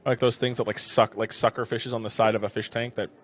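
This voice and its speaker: A man narrating a tabletop game as game master, describing scenes in a relaxed way with plenty of filler words. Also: on the low side, fast.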